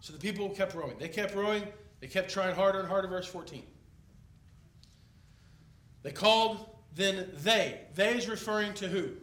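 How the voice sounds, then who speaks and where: A man preaching an expository sermon in a conversational, animated way, acting out the people in the story. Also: high-pitched, normal speed. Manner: animated, conversational, acts out biblical characters. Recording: echoey room, mic at a distance.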